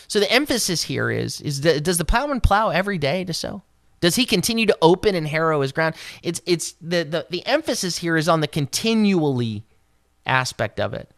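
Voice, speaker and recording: Bible teacher, devotional teaching, expressive, acts out quotes, dry close mic. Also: dry recording. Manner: expressive, voices scripture quotes with raised pitch; explains Hebrew words along the way.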